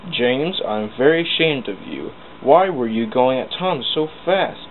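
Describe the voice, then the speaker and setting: Brief: man voicing a bossy railway controller, firm orders, lively pitch, lo-fi noisy recording. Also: measured pace, lightly acted. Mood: scolding. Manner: stern, commanding. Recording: tinny lo-fi with hiss.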